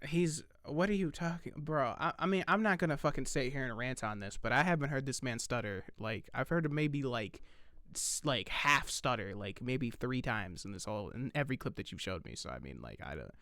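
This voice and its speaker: A man's voice: mid-range voice, expressive, fairly quick, a bit bright, dry recording. A man hosting a reaction video, talking casually with profane, mocking, laughing asides.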